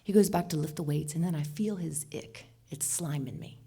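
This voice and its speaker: Gravelly low-voiced woman telling a story. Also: normal speed. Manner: animated, swinging between hushed asides and loud outbursts. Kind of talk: live personal storytelling to an audience. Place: stage before an audience.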